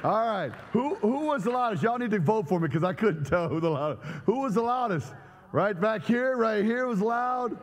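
A man's voice: high voice, expressive, moderate pace. A man preaching a humorous sermon to a live congregation, joking energetically and bantering with the crowd. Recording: long hall reverb.

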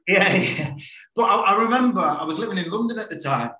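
Fast, bright-voiced easygoing man from Ireland. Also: sits high, expressive. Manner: chatty and easygoing, laughs often, says "mate" a lot. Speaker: guest actor. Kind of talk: casual chat. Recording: echoey room.

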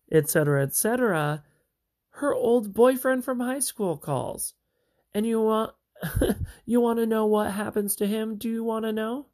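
A man's voice: a little high, a little mellow. A man giving a casual spoken review of a TV series, chatty and meandering with frequent asides.

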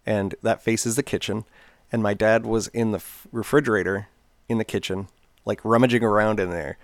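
Chatty guy rambling through stories, lowish voice, dry sound. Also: steady tone, normal speed, no echo. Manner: rambling, chatty, many fillers. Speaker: podcast co-host. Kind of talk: casual storytelling chat.

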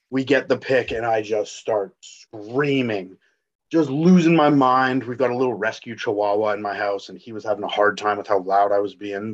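A man telling an excited, profane story about watching his team win, on a podcast. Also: medium pitch, lo-fi sound. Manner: loud, profane, animated fan talk. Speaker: podcast guest, sports fan.

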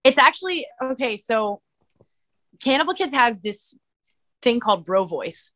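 A woman, a musician and streamer, chatting as a podcast guest and telling stories in an animated way, full of "like". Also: fairly high pitch, a little slow. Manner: animated storyteller, many "like" fillers. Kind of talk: casual interview chat.

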